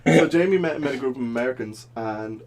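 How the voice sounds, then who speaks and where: A young man, co-hosting a podcast in casual chat and teasing his friend with quick banter. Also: medium pitch, lively intonation, a little mellow. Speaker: podcast co-host.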